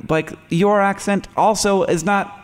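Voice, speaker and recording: A man's voice: sits high, fairly even intonation, unhurried, clean tone, big-room sound. Wry man hosting a live podcast. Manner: wry, self-mocking, many restarts. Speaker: podcast host. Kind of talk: live podcast chat with a guest. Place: stage before a live audience.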